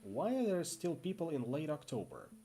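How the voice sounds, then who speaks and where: Expressive man reading a text game aloud. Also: on the high side, moderate pace, faint music behind. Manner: expressive second-person narration with asides. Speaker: game player and reader.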